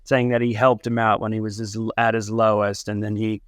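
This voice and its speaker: A man's voice: lowish voice, flat delivery, fairly quick, no echo, clean studio sound. A man co-hosting a podcast, chatting casually about a movie, laughing often and acting out quotes. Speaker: podcast co-host. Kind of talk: casual movie review chat.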